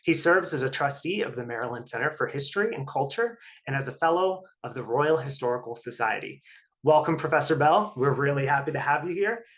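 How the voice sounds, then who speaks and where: A man's voice: mid-range voice, a little fast. A man hosting an online webinar, reading announcements and introducing the guest speaker. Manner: steady, reads prepared notes. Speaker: webinar host. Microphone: video call.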